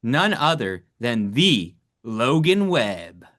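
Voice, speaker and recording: A man's voice: mid-range voice, sing-song, slow, a bit bright. A man co-hosting a sports podcast, talking in a laid-back, casual way with frequent swearing and laughter. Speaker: podcast co-host.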